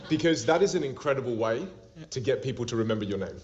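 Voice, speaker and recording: A man teaching an interactive online class as a public speaking coach. He talks in an animated way, laughs a lot and acts out little scenes as he explains. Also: medium pitch, quick pace, slight background noise. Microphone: video call. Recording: dull lo-fi video call audio.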